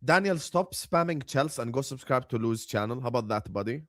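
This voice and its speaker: A man hosting a football watchalong livestream, excitedly chanting and urging viewers to subscribe. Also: mid-range voice, fairly quick, no room sound, clean studio sound. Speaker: livestream host. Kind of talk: hyped watchalong livestream chat.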